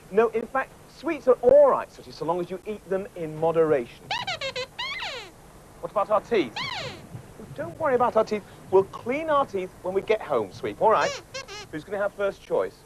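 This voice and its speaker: A man presenting a children's TV show, cheerfully coaxing and chatting to puppets in a lively scripted way. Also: high-pitched, noisy background.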